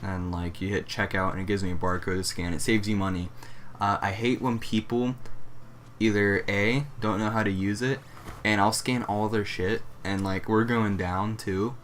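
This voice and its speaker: A man's voice: on the low side, fairly even intonation, moderate pace. A young man co-hosting a casual chat, ranting profanely about customers and acting them out in mock voices. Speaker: co-host. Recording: faint background noise.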